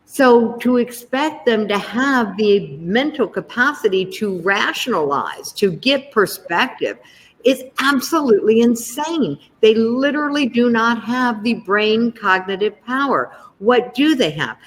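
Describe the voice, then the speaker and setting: A woman's voice: fairly high pitch, lively intonation, measured pace, in a large hall, a little hiss or hum, low-quality recording. A woman appearing as a guest author, speaking in an emphatic, explanatory way and stressing her key points. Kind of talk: conversational advice.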